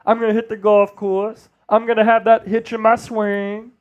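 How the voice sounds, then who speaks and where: A man's voice: sits high, monotone, normal speed, smooth, phone-quality sound, lightly acted. A man doing an impression of a boastful older basketball analyst, drawling and rambling. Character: impression of a famous retired basketball star turned TV analyst, man, 60s, brash.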